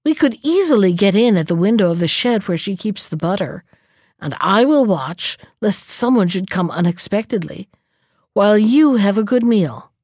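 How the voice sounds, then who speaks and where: A woman's voice: medium pitch, expressive, normal speed, a little mellow, no room sound, studio quality, close to an everyday voice. A woman voicing a timid little male hedgehog in a storybook reading, speaking in a fussy, nervous way. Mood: eager.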